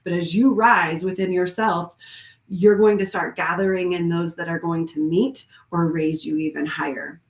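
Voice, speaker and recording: A woman's voice: lowish voice, steady tone, normal speed. A woman who leads a wellness studio, giving a heartfelt, effusive live-streamed talk that rambles with restarts. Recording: roomy echo.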